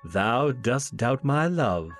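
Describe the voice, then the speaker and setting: A man's voice: mid-range voice, sing-song, slow pace, fairly bright tone, soft background music, heavily acted. A man voicing a young noblewoman in old-fashioned speech. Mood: uneasy. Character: young noblewoman, teasing, bold lady.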